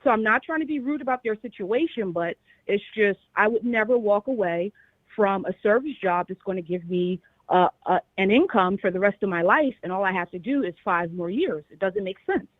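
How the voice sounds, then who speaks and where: A woman from Philadelphia calls in to a show and states her opinion plainly and directly. She comes through a dry, tinny phone line at a middle pitch. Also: animated, fairly quick, no echo. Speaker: caller.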